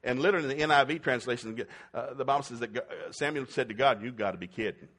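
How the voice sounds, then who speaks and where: A man preaches a sermon in a fast, medium-pitched voice with a bit of brightness. He retells Bible stories in a folksy, humorous way, acting out the characters with different voices.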